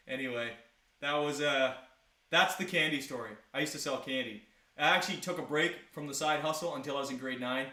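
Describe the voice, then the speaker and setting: A young man telling a rambling story in casual chat on a live stream, full of fillers and restarts. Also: mid-range voice. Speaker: musician hosting a live stream. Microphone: live-stream device mic. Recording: roomy echo, faint guitar.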